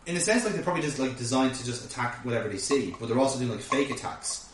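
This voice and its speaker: A man's voice: mid-range voice, animated, fast talker, far from the mic, slight background noise. A man hosting a podcast, recapping an episode in casual chat, rambling with lots of fillers and restarts. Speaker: podcast host. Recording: echoey room, set back from mic.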